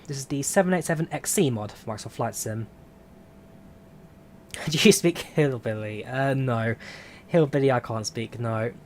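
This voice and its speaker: A man streaming a flight simulator, chatting casually and answering viewer questions in a relaxed, rambling way. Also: fairly high pitch. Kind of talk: casual live-stream chat.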